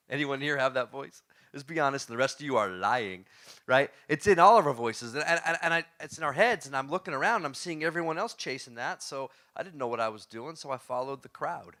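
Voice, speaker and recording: Bright-voiced man telling a lively story. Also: mid-range voice, a little fast. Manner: animated, asks the audience questions; laughs often while telling stories. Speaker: motivational speaker. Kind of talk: storytelling talk to a live audience.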